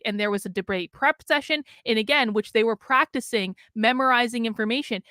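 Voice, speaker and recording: This is a middle-aged woman delivering an angry commentary monologue, blunt and peppered with swearing. Her voice sits a little high, with a bright, forceful edge. The sound is dry and close. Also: no room sound. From New England. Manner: blunt, profane, emphatic. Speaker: political commentator. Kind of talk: heated commentary rant.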